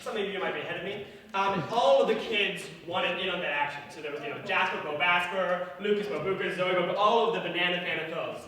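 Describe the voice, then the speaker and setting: A man's voice: high voice, fast. A young man doing a stand-up set at a comedy club, self-deprecating and rambling with fillers. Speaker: stand-up comic. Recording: echoey room from far off, loud crowd. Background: audience laughing.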